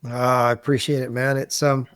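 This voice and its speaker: A middle-aged man from Canada, a podcast guest telling animated, self-deprecating stories in a relaxed conversation. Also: medium pitch, moderate pace, smooth, no room sound. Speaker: interview guest. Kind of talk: conversational interview.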